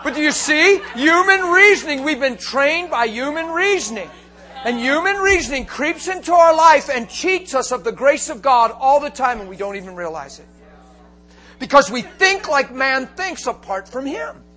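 High-voiced, animated man preaching. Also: normal speed. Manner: animated, laughing, shouts for emphasis. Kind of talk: storytelling sermon.

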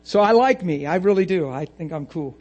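A man preaching a lively sermon, laughing often and acting out little voices to make his points. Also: high voice, fairly quick, slight background noise.

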